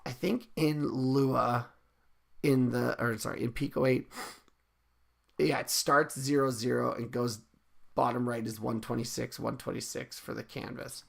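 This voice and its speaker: A man's voice: medium pitch, measured pace, creaky. A man casually coding on a live stream, thinking aloud and often correcting himself mid-sentence as he chats with viewers. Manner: relaxed and chatty with viewers. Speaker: streamer teaching game coding. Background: keyboard typing and clicks.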